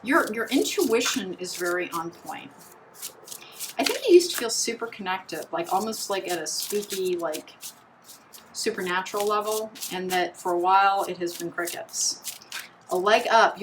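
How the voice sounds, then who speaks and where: A woman's voice: mid-range voice, background noise. A woman doing a pick-a-card tarot reading in a chatty, meandering way, full of restarts and fillers. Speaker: tarot reader.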